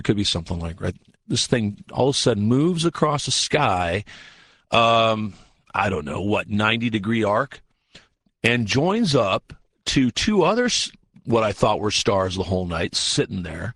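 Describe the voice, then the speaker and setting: This radio studio guest, a researcher, has a voice on the low side and the audio carries no room sound. He spins a long, casual tale with animation, voicing other people's words and often using fillers and starting over.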